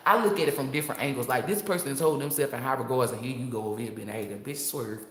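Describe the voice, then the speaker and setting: A woman's voice: a bass voice, rapid-fire. A woman, a tarot reader, speaking to her viewers in a blunt, profane, preachy monologue. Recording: echoey room.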